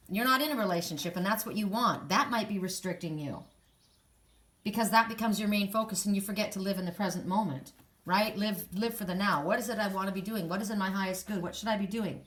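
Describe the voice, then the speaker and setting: A woman giving a casual spiritual card reading, talking straight to the listener in a rambling way, with restarts and soft sighs. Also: medium pitch. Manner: emotional, soft and sighing in places. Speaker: psychic card reader.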